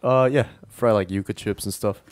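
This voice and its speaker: Laid-back low-voiced man, dry sound. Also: steady tone, moderate pace, no room sound. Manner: laid-back, profane, matter-of-fact. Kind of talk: casual podcast chat.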